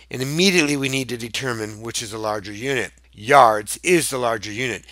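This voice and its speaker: A man's voice: mid-range voice, creaky, bright, forceful tone, no room sound. A man teaching math in a playful, chatty video lesson, joking and chuckling as he works through problems.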